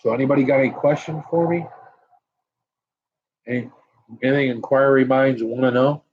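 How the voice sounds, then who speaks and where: With a medium-pitched, fairly even voice at a moderate pace, a middle-aged American man runs a casual live stream and chats with viewers. Burning from hot peppers, he sighs and blows out breaths. The highs are cut off and there's a little hiss or hum.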